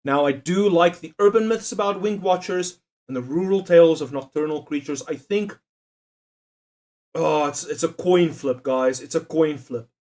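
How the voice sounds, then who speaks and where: A man's voice: on the high side, normal speed, a little mellow. A young man chatting casually on a livestream, swearing and joking as he reads out quiz options. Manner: profane, jokey, reads quiz options aloud.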